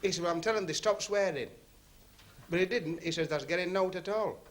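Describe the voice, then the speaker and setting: Chatty club comedian. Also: male voice, high voice, a little fast. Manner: chatty, teasing the audience, laughing at his own jokes. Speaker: stand-up comedian. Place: working men's club stage on TV. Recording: noisy 1970s TV recording, laughing club crowd.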